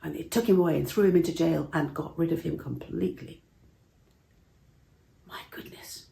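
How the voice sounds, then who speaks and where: A woman telling a Bible story to children in a gentle way, asking her listeners questions. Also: low voice, quick pace, vocal fry. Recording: roomy echo.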